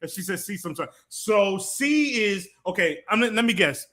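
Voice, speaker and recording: A man's voice: high voice, animated, moderate pace, fairly bright tone. A man co-hosting a live show, teasing and laughing through casual banter. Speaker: co-host.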